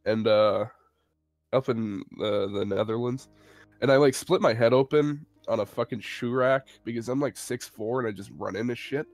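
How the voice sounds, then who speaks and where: A man's voice: mid-range voice, normal speed, dry recording, faint music behind. Rambling, foul-mouthed young man. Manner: rambling, swears a lot, self-mocking. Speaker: co-host of a live stream. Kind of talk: casual chat, rambling anecdote.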